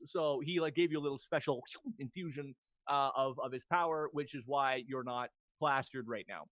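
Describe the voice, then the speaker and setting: A man's voice: on the high side, normal speed, a bit bright, no echo. A man running a tabletop game, explaining the rules casually with frequent ums. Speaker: game master.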